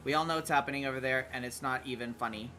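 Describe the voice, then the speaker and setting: Streamer chatting while gaming, super bright tense tone, lots of uhs, hums little tunes, faint music behind. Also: medium pitch, rapid-fire. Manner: hesitant, many fillers and restarts. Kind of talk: casual gaming stream chat.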